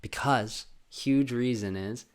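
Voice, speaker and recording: A man's voice: medium pitch, slow pace, clean tone. A young man hosting a casual solo podcast, rambling and self-deprecating as he talks on his own. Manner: rambling, self-deprecating, jumps into loud sung and acted bits. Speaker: podcast host.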